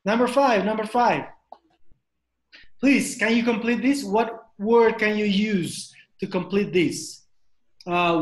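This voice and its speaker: A man's voice: high voice, takes it slowly, roomy sound. A man teaching an online English class, repeating questions and drilling pronunciation over a video call.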